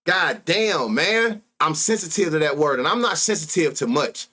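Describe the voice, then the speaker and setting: An animated man in his thirties hosts a betting stream in an African American Vernacular English accent, with casual, profane banter, a loose, crude style, and easy laughter. His voice is on the high side, at a moderate pace, sharp with a breathy edge.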